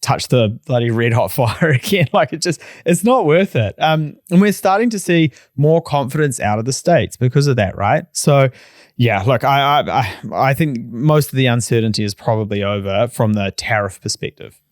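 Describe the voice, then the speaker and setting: Brief: plain-spoken New man, mid pitch, dry close sound, emphatic podcast co-host. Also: lively intonation, normal speed, no room sound. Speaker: podcast co-host, mortgage broker. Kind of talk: casual chat.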